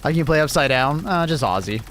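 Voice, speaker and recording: A man's voice: a little high, expressive, quick pace, a bit bright, slight background noise. Laughing British man streaming a game. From Britain. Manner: laughing, swearing, reacting to chat. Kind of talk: casual livestream chat while gaming.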